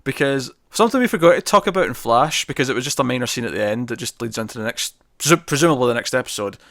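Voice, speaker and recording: A man's voice: mid-range voice, expressive, rapid-fire, fairly bright tone, dry recording, clean studio sound. A man chatting casually on a TV review podcast, laughing often and acting out scene quotes.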